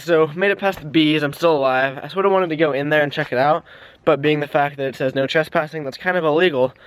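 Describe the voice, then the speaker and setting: A man's voice: a little high, a bit bright. A young man vlogging casually while walking a trail outdoors, out of breath and rambling off on tangents as he talks into a handheld camera. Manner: rambling, easily distracted. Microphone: handheld camera aimed at his face.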